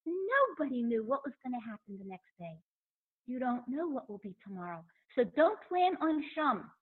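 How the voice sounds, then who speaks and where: Woman Torah teacher, high pitch, lively lecture delivery, narrow phone-line sound. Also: moderate pace. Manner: animated, acts out quotes.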